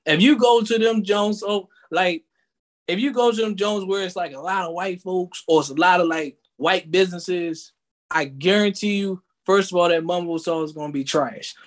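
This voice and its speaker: A man with a high, bright voice and a Washington DC accent talks in a casual, animated back-and-forth. His delivery is slangy and emphatic, pressing each point home. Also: moderate pace. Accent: Washington DC area. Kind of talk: casual chat.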